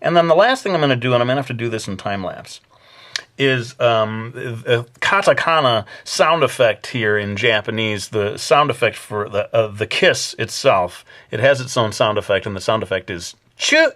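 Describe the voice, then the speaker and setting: A man narrating a drawing tutorial in a halting, easygoing way, with many filler words and light jokes. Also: mid-range voice, animated, a bit bright. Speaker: drawing instructor.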